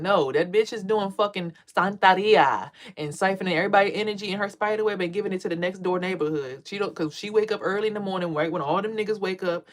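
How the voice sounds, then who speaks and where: Woman talking aave, cussing a lot, animated vlog story, doing the voices of other people. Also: fast talker. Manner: animated, profane, acts out quotes in a high voice. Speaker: vlogger and tarot reader.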